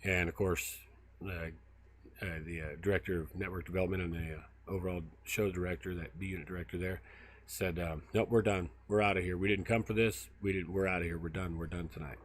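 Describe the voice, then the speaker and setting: Low-voiced man rambling outdoors. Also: fairly even intonation, a little fast, a little hiss or hum. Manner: rambling storyteller, many fillers. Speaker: field researcher and livestream host. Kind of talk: casual walk-and-talk livestream. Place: outdoors in brushy woods by a river.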